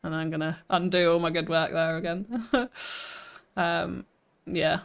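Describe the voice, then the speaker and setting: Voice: medium pitch, a little slow, fairly bright tone, clean tone. A streamer, chatting through a live gameplay session, reading viewer comments aloud and answering them with self-deprecating laughs.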